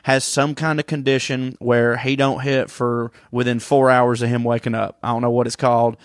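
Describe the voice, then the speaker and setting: A man's voice: mid-range voice, little pitch movement, normal speed, no echo, clean studio sound. A young man, co-hosting a podcast and telling rambling stories in casual chat, swearing freely. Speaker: podcast co-host.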